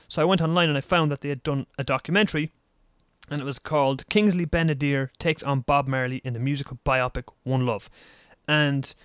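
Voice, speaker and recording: A man with a mid-range, clean voice hosts a solo podcast from Taiwan, rambling casually about movies and laughing at himself now and then. The studio sound is clean, with no echo.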